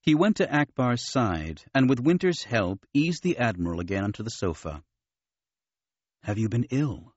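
Guy narrating an audiobook, low voice, very dry, kinda muffled lo-fi. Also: sing-song, moderate pace, hardly any pauses, no echo. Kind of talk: scripted narration.

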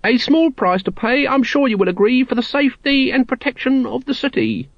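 A man doing a squeaky, wooden young guard. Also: animated, fairly quick, dry recording, lo-fi sound. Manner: recites stiffly, as if by rote.

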